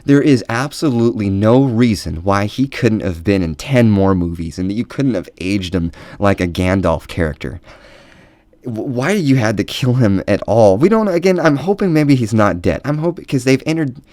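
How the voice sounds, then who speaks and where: A man with a fairly low voice rants at length, swearing freely and slipping into mocking sarcasm. The sound is close and dry, with no room around it. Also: expressive, normal speed, darkish tone, no echo. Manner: profane, heated, sarcastic. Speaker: movie ranter. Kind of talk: angry profane rant.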